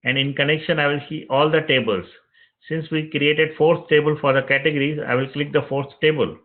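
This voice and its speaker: A man teaching web development, narrating each click of a screen-recorded software tutorial step by step and repeating phrases as he goes. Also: a little high, steady tone, a little fast. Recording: tinny phone-like audio.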